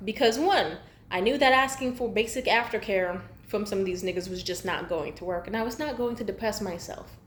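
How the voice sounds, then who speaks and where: A woman's voice: mid-range voice, a little fast, hardly any pauses, reverberant, slight background noise. A young woman vlogger ranting casually to camera, blunt and profane, jumping from point to point.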